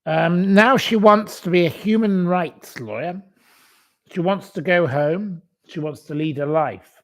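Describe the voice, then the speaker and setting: Brief: male live-streamer, scornful and rambling, slow with gravelly fry. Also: sits high, fairly bright tone.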